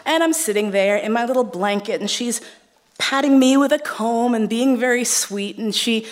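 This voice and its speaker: A woman's voice: fairly high pitch, normal speed. A woman from New York City telling a true story on stage, frank and playful, swearing freely and laughing as she goes.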